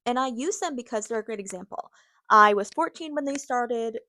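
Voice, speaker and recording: A woman's voice: fairly high pitch, expressive, brisk, bright, forceful tone, no room sound. A young adult woman hosting a podcast, ranting candidly, swearing freely, laughing and talking straight to her viewers. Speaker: podcast host. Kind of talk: casual opinion rant.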